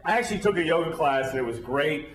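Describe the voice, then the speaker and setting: A man's voice: fairly high pitch, quick pace, recorded from a distance, crowd noise. A man performing a crude stand-up set, telling stories and acting out bits. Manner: crude, animated storytelling with shouted impressions. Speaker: stand-up comedian. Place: comedy club stage. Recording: roomy club with loud audience.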